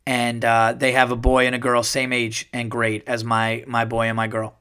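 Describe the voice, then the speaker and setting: A man's voice: medium pitch, normal speed, clean tone. A middle-aged man hosting his own podcast, chatting casually and swearing freely as he tells stories. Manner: profane, animated storyteller, swears freely. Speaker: podcast host; comedian. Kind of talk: casual solo podcast chat.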